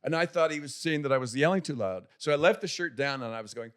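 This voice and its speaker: Lively man telling a comic story. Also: fairly high pitch, fast talker. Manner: animated storyteller who acts out the voices in his story; restarts and repeats words often. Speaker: podcast guest. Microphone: podcast studio microphone.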